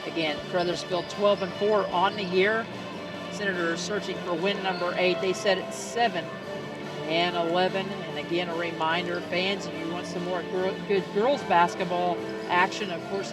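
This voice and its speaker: A high-pitched man calls a local basketball game through a headset. He chats and jokes between the numbers in a brisk sports patter, with music playing clearly in the gym behind him. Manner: chatty, joking, fast-running sports patter. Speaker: play-by-play announcer. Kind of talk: high school basketball commentary. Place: school gym.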